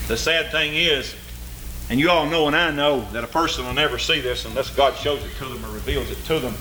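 An older man preaching a sermon, swinging between loud high cries and low, quiet asides. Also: fairly quick.

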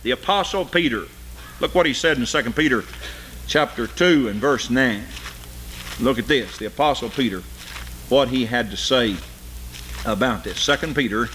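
An older man preaching a sermon, swinging between loud high cries and low, quiet asides. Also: measured pace, pauses often, a little hiss or hum.

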